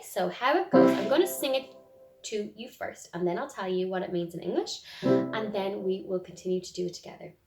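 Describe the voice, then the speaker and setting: A woman with an Irish accent teaching a music lesson to young children, speaking gently and encouragingly and singing demonstrations. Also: medium pitch, creaky. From Ireland. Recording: roomy echo.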